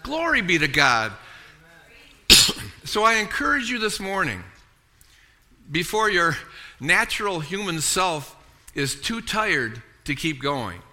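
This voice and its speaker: High, lively, bright-voiced male preacher. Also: slow pace, pauses often. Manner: emphatic, repeats words and restarts, calls for amens. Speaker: pastor. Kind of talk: sermon.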